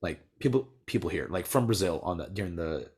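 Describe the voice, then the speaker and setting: A young American man chatting casually, telling a rambling story full of "like" and quick laughs. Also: deep voice, animated, husky. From United States. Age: young adult. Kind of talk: casual chat.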